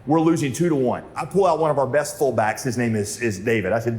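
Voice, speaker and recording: A man preaching a sermon, telling a story with lively acted-out dialogue that sometimes rises to near shouting. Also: mid-range voice, fast talker, hardly any pauses, big-room sound. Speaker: pastor.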